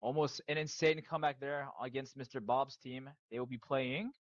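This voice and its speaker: A man's voice: medium pitch, steady tone, moderate pace, slight background noise. A young man hosting a live esports stream in a casual, joking, loose way. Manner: laid-back, joking, loose. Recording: muffled stream mic.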